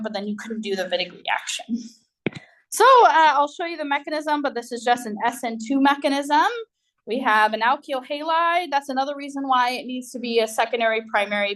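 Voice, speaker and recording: A woman giving a university chemistry lecture, explaining in a conversational way with many fillers and "right?" checks. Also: a little high.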